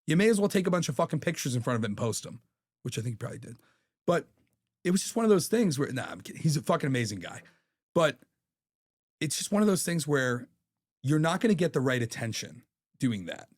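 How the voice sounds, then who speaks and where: A man's voice: on the high side, big pitch swings, fast talker, long pauses. A man in his thirties, a podcast guest telling stories in a candid, profane way. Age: 30s. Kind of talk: casual chat.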